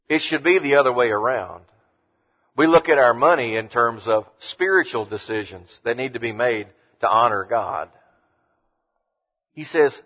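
A man's voice: mid-range voice, slightly rough. Emphatic preacher man in a reverberant hall. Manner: emphatic preaching, slows to read verses. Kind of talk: sermon. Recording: dull lo-fi sound with long hall reverb.

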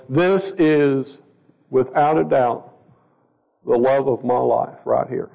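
Gravelly man teaching a Bible study. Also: mid-range voice, slow pace, long reverb tail. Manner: asks the group questions, stumbles and restarts. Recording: dull lo-fi recording.

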